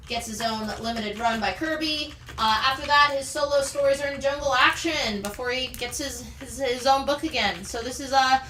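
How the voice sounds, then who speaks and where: A high, bright-voiced woman hosts a live comic sale, enthusiastic and chatty as she runs through issues and prices. She sounds a little off-mic in a roomy space. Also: far from the mic. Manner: enthusiastic, chatty, rattles off item details. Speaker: host selling comics on a live show. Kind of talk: live sales pitch. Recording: roomy, off-mic, faint background noise.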